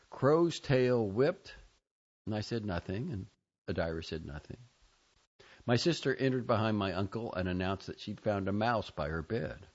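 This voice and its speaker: A man reading a first-person story aloud, expressive and shifting between quiet and louder lines. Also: fairly low pitch, muffled recording. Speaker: audiobook narrator. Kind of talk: scripted first-person narration.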